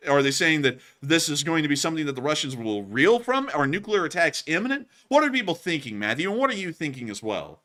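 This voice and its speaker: A man co-hosting a casual news commentary show, talking in an animated, jokey way. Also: a little high. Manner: animated, jokey, acts out scenes in silly voices. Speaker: co-host of war news show.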